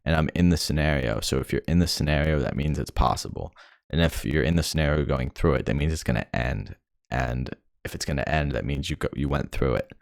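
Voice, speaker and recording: A young man rants in a frustrated, rambling monologue, swearing freely. His voice sits extremely low with a gravelly fry. The sound is dry and close, with no room around it. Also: a little fast, dry recording. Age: young adult. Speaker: vlogger. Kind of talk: ranting monologue.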